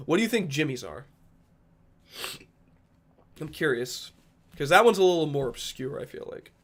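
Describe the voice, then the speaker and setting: A man from Rhode Island streaming and chatting casually with his viewers. He rambles, jokes and swears freely, in a somewhat high voice. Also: big pitch swings, normal speed, a bit bright. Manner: rambling, joking, profane. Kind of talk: casual livestream chat with viewers.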